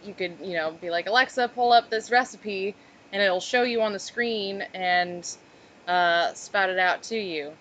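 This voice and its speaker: A woman's voice: on the low side, measured pace, a bit bright, highs cut off. A woman co-hosting a casual podcast, reading an article aloud and breaking off with offhand asides. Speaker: podcast co-host.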